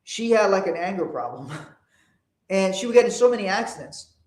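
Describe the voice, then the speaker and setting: A middle-aged man hosting a casual motivational talk, rambling with frequent restarts and growing animated when he tells stories. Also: high voice, normal speed, reverberant. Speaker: podcast host.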